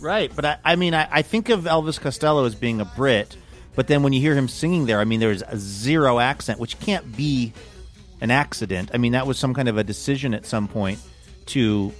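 A man's voice: mid-range voice, expressive, fairly quick, soft background music. A man co-hosting a podcast in casual chat, rambling and playful as he runs a quiz. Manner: rambling, playful, self-mocking. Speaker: podcast co-host and quizmaster.

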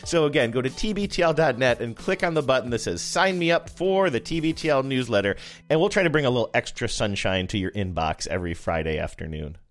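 A man co-hosting a podcast, chatting in an animated, rambling way. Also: mid-range voice, fast, soft background music. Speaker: podcast co-host. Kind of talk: casual chat.

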